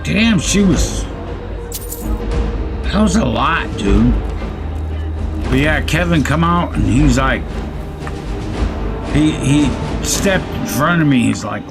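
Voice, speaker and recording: A man's voice: fairly high pitch, lively intonation, takes it slowly, pauses often. A man telling a rambling, profane story while playing a game. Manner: profane, rambling anecdote with quoted threats. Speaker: gaming streamer. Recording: faint music underneath.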